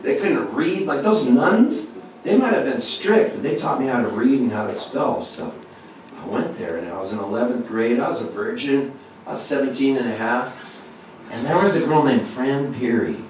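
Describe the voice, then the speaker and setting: A man in his fifties, a folk singer telling an animated, self-mocking story to a live audience between songs. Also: mid-range voice, normal speed, slight background noise. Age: 50s. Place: live music venue. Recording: very echoey live room, distant recorder, guitar. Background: guitar.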